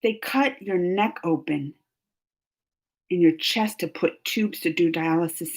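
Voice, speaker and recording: This woman's voice sits low and sounds a little mellow, and she speaks a little slowly. An adult who is married with a family, she hosts a reaction channel and reads live chat, her casual talk with viewers turning teary and emotional, broken by laughter between worries.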